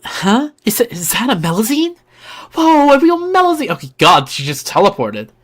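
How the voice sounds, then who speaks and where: A reader voicing an excitable, curious young woman adventurer in a fan reading of game dialogue, gushing and eager. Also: medium pitch, moderate pace, breathy edge, voice pushed up. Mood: excited. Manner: gushing, eager, formal when apologizing.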